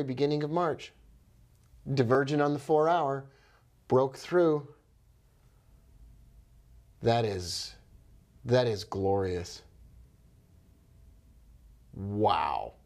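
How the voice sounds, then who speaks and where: A man's voice: fairly high pitch, a little mellow. A man giving live trading commentary, thinking aloud with upbeat exclamations and talking to viewers by name. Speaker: forex trader.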